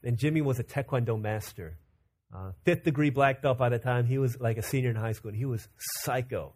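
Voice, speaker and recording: A man from Virginia preaching a conversational, animated sermon as pastor. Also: medium pitch. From Virginia, USA. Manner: conversational and animated, acting out quick character quotes.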